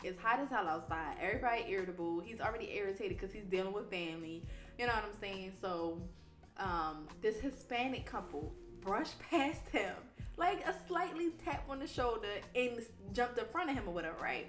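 A woman podcast host telling a story in casual, animated chat, swearing freely. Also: medium pitch, fairly quick, soft background music. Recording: roomy echo.

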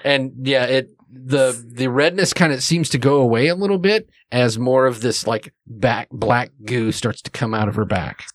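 A man running a tabletop role-playing game as game master, narrating in a halting way with frequent restarts. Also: medium pitch, no room sound, clean studio sound. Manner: halting, restarts mid-sentence.

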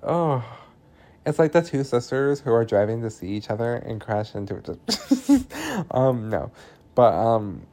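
Casual movie-recap voice: slow delivery, very animated pitch, sarcastic and foul-mouthed. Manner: chatty, swears freely, heavy use of "like"; sarcastic asides. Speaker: film recap host.

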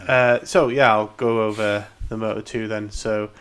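A man's voice: lowish voice, flat delivery, moderate pace, a bit bright, a little hiss or hum. Dry-witted man steering a podcast. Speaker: podcast co-host. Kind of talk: casual chat.

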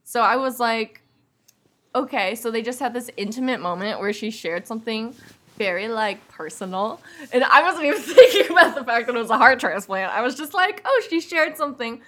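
A woman co-hosting a casual movie review chat, giggly and animated, full of "like" fillers. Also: fairly high pitch, moderate pace. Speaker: podcast co-host.

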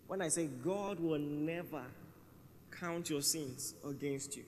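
High-voiced male pastor in a reverberant hall. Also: slow, darkish tone, a little hiss or hum. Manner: conversational, emphatic preaching with repeated phrases. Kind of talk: sermon. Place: church hall. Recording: reverberant church hall, faint ambience.

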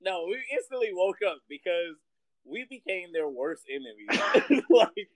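A man's voice: high voice, measured pace, poor audio. A man telling a funny story in casual chat, acting out what people said and laughing often. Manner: expressive, laughing storyteller who acts out quotes.

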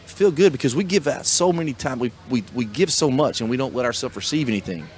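A man's voice: medium pitch, expressive, fast talker, slight background noise. A middle-aged man hosting a podcast as a small business coach, talking in an enthusiastic, motivational way. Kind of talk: casual chat.

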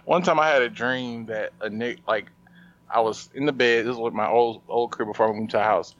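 A man's voice: medium pitch, a little fast, a bit bright. A man hosting a podcast, opening the show and telling stories in a laid-back casual chat. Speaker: podcast host. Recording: muffled lo-fi sound.

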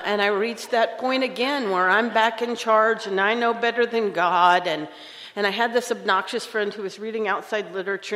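In a reverberant conference hall, a woman gives a live talk at a recovery conference, sharing her story with candid, self-mocking humor. Her voice is mid-range and fairly bright.

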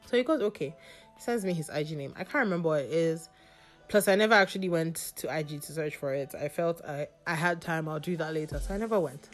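A woman hosting a podcast, telling a dating story in a casual, animated, playfully sassy way. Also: mid-range voice, normal speed, soft background music. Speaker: podcast host.

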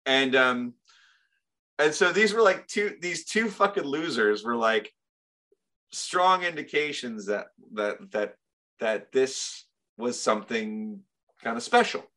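Profane, bright-voiced storytelling man. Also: mid-range voice, slow. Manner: rambling, profane, animated. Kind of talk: casual storytelling.

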